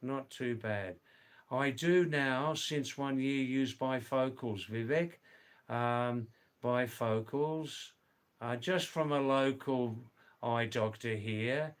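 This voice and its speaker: A middle-aged man hosting a livestream, reading viewer comments aloud and slowly, gently correcting their English. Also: mid-range voice, clean tone. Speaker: livestream host.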